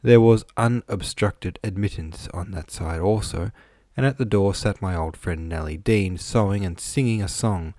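A man with a deep voice reads a classic novel in the first person. His delivery is measured and even, recorded dry and close with no room sound. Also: no room sound. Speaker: audiobook narrator.

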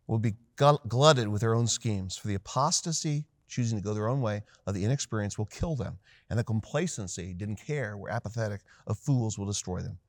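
A man preaching a sermon in an animated way, acting out quoted lines with sudden high, loud bursts. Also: a little fast, hardly any pauses, dry recording, studio quality. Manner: animated, voices quoted lines with big pitch jumps. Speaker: pastor.

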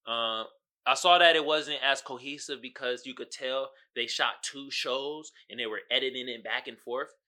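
A male podcast host giving casual, slangy commentary, animated and often asking "you feel me". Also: medium pitch, normal speed. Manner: animated, acts out quotes loudly.

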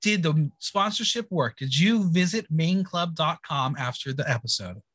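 A man hosting a podcast who recaps an episode in casual chat, quick and playfully sarcastic. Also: on the high side, expressive, fairly bright tone, slightly rough, no room sound. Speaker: podcast host.

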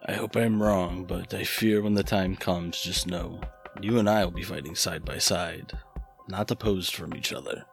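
A man playing a tabletop game in character, speaking in a calm, measured way. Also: low voice, gravelly. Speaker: player. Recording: faint background music.

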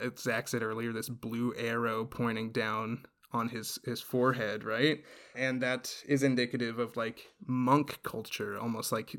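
A man's voice: mid-range voice, fairly bright tone. Man rambling through a casual recap. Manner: rambling storytelling with many fillers. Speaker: podcast host recapping a show. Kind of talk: casual chat.

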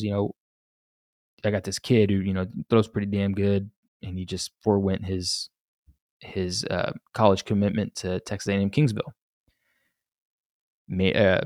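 A man's voice: sits low, a little mellow, no room sound, clean studio sound. A young man hosting a solo podcast, telling his own story candidly and emotionally, swearing casually and often restarting his sentences. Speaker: podcast host.

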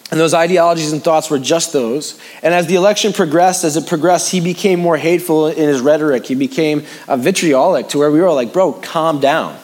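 A man preaching a sermon in a conversational way, repeating phrases for emphasis and moving between raised, urgent lines and hushed, low ones. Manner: conversational preaching with sudden rises and hushed drops. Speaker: pastor.

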